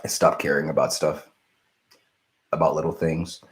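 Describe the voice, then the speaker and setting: A man's voice: a bass voice, level tone, normal speed. A young man hosting a casual live stream, rambling and apologetic as he answers viewer questions. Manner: rambling, self-interrupting, apologetic.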